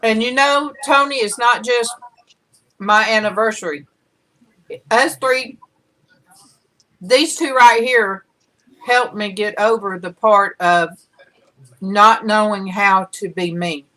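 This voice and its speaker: A woman's voice: mid-range voice, takes it slowly, long pauses, a bit bright, poor audio. A woman hosting a casual livestream, chatting and greeting viewers by name, laughing easily. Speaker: livestream host.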